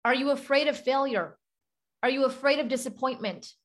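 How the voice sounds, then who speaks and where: A woman's voice: high-pitched, fairly quick. A woman hosting a motivational coaching talk, emphatic and full of rhetorical questions, acting out doubting inner voices. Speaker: podcast host and business coach.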